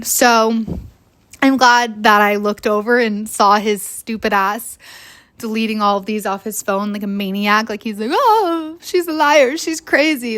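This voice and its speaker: A young woman hosting a podcast, telling a personal story in a candid, animated way, swearing freely and acting out what people said. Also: mid-range voice. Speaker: podcast host. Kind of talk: casual storytelling monologue.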